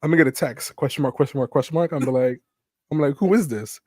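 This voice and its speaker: A man with a mid-pitched voice chats on a late-night show, telling darkly funny stories and checking in with the listener after almost every point. The recording is dry and close. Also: fairly even intonation, rapid-fire, no room sound. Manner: dark humor, repeats "you know what I mean". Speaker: guest. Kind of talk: casual late-night chat. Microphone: streaming podcast mic.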